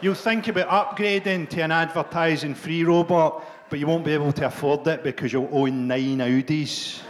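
Brief: profane Scottish stand-up comic with a high voice, deadpan delivery and quick jabs at the crowd. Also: male voice, a little hiss or hum. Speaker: stand-up comedian. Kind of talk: stand-up comedy set. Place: live comedy venue.

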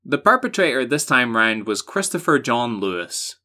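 Guy hosting a podcast, bright sharp voice, sarcastic jokes and swearing. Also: mid-range voice, sing-song, normal speed. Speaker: podcast host. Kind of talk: casual chat, reading from notes.

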